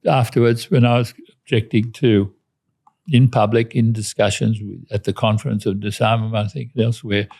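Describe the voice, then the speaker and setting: An older Australian man, a retired diplomat, recounting anecdotes in an interview in a measured way with restarts. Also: on the low side, steady tone, creaky, mellow. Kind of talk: interview storytelling.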